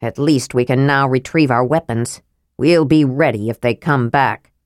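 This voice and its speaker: A woman's voice: extremely low pitch, moderate pace, a little mellow, dry recording, studio quality. A woman reading an audiobook aloud and voicing an earnest male knight who speaks in a solemn, grave way.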